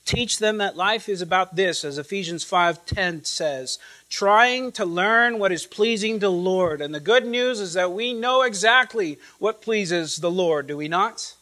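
Emphatic high-voiced male preacher. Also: expressive, rough recording. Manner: emphatic, repeats phrases, swings from loud to hushed; quotes scripture and Greek words slowly. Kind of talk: expository sermon.

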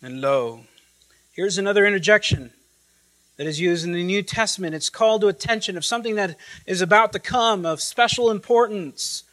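Emphatic high-voiced male preacher. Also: low-quality recording. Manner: emphatic, repeats phrases, swings from loud to hushed; quotes scripture and Greek words slowly. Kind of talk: expository sermon.

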